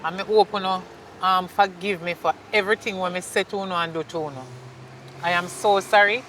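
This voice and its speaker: A woman's voice: fairly low pitch, fairly even intonation, moderate pace, fairly bright tone, slight background noise, close to an everyday voice, rough recording. A woman with a Jamaican accent playing a remorseful mother who pleads with her daughter in patois. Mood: heartfelt apology. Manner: pleading, apologetic, speaks in patois. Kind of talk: film acting.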